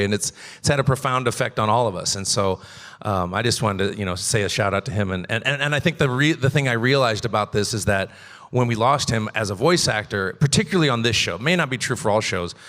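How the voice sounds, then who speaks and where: A man's voice: medium pitch, a bit bright, long reverb tail. A man who voice-acts, rambling animatedly through stories on a convention panel stage. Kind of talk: casual panel talk.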